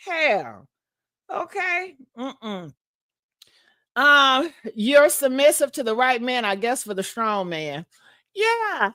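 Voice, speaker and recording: A woman's voice: sits high, big pitch swings, very slow, pauses often, bright, forceful tone, no room sound, studio quality. A woman host in casual live-stream chat, sassy and laughing often, drawing out her words.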